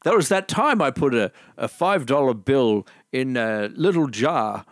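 A man co-hosting a podcast, trading absurd deadpan jokes in improvised banter. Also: mid-range voice, measured pace, dry recording, studio quality. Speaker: podcast co-host.

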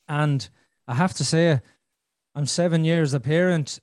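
A podcast host in his thirties tells a frank, rambling personal story, swearing freely. His voice is a little high and a little mellow, measured with long pauses, and the clean studio recording has no room sound.

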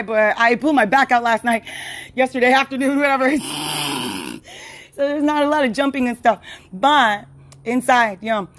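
A woman's voice: high-pitched, normal speed, pauses often, fairly bright tone. A woman hosting a casual solo podcast, rambling with frequent laughs, restarts and fillers. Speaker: podcast host.

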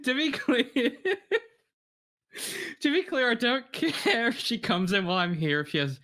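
A man's voice: very high-pitched, very animated, a little slow, bright, forceful tone. Giggly male podcast host. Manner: giggly, reading out listener questions. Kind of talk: casual podcast banter.

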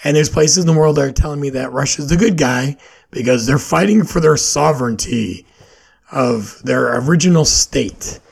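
Gravelly, husky man musing on a podcast. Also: a little high, moderate pace. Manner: questioning, opinionated rambling with fillers. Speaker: podcast host. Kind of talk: solo podcast monologue.

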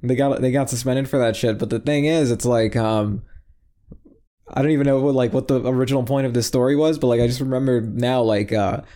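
Dark-voiced rambling male podcast host. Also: medium pitch, steady tone, a little fast. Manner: rambling, swearing, loses his train of thought. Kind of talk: casual chat.

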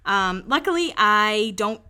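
Young adult woman, podcast host, bright forceful tone, casual chatty delivery full of fillers. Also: mid-range voice, animated, takes it slowly, smooth. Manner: chatty, candid, laughs often, lots of "like" fillers. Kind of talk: casual celebrity-news chat.

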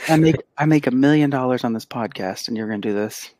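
A man co-hosting a podcast, telling an animated, casual story and acting out the quotes. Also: mid-range voice, moderate pace, dry recording. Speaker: podcast co-host; pediatric physical therapist. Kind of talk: casual chat.

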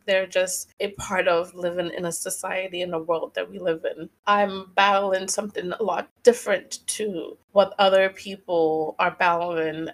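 A woman hosting a podcast, talking earnestly and reflectively on her own, stressing key phrases by repeating them, and at times slowly guiding listeners through breathing. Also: on the low side. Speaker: podcast host. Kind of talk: reflective solo podcast monologue.

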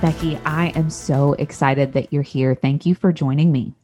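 A woman's voice: low voice, fairly even intonation, moderate pace, music in the background. A woman with a Southern American accent hosting a faith podcast, gushing and effusive with her guest. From Tennessee, US. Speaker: podcast host.

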